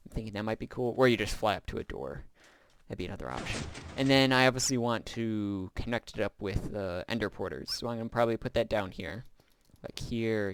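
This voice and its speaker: A man's voice: on the low side, vocal fry, a little hiss or hum. A man giving casual, rambling gameplay commentary as he shows a build, with frequent filler sounds. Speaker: gameplay video host.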